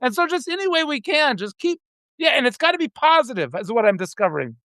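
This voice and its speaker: A man's voice: extremely high pitch, big pitch swings, quick pace, sharp tone, dry recording. A man hosts a casual live video talk, his stories spilling out in an emotional, meandering stream. The sound is dry and close, with hardly any room around his voice. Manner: emotional, rambling storytelling. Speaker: host.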